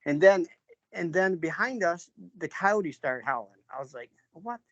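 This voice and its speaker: A man from New York tells his story in a casual, meandering way, leaning on fillers and stopping to clear his throat. His voice sits a bit higher than most men's. The recording is dry and dull, with little room sound and a muffled, lo-fi tone. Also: expressive, normal speed, no echo. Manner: rambling, many fillers and restarts, frequent throat clearing. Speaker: interviewee, father recounting an encounter.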